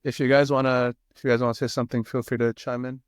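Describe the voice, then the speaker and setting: A man's voice: medium pitch, fast talker, smooth, no echo, studio quality. A man, co-founder of a tech startup, chatting casually on a podcast while demoing an assistant, with lots of "like" fillers. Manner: relaxed, filler-heavy, says "like" often. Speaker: co-founder demoing his product.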